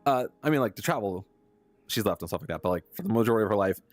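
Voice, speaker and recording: A man's voice: lowish voice, expressive, very fast, soft background music. A young adult man, a live streamer, telling a story casually and with animation, laughing often and using lots of fillers.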